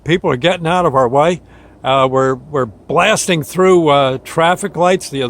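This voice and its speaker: A man who once worked on an ambulance crew, telling a story in a folksy, rambling way with chuckles between phrases. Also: on the high side. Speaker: ambulance crew member recalling a shift. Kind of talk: casual storytelling.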